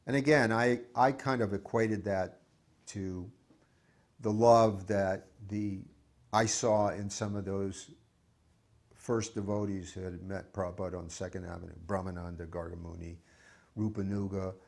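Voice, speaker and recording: A man's voice: low voice, steady tone, unhurried, creaky. A man reminiscing in an interview, reflective and hesitant, often restarting his sentences. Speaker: devotee recalling memories.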